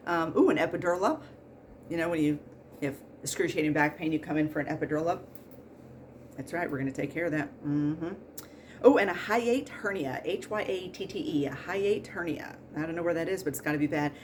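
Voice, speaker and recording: A woman's voice: low-pitched, a little fast, darkish tone, a little hiss or hum. A woman in her forties, a nurse hosting a podcast, telling work stories in a casual comedic monologue with exasperated, laughing rants. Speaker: pre-surgery nurse and podcast host.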